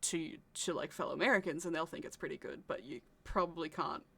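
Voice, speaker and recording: A woman's voice: low voice, fairly quick, gravelly, husky. Australian woman laughing through casual chat. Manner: laughing often, swearing, animated. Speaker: podcast co-host, voice actor.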